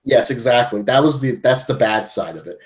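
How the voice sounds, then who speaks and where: A man's voice: medium pitch, expressive, a little fast. A man co-hosting a casual movie-review podcast, blunt and profane, often stumbling over his words. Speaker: podcast co-host.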